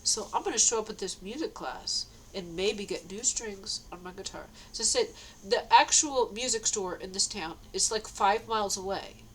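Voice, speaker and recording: A woman's voice: mid-range voice, moderate pace, a bit bright, slight background noise, low-quality recording. A woman talking straight to the camera in a casual, rambling monologue, repeating herself and laughing between lines. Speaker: vlogger.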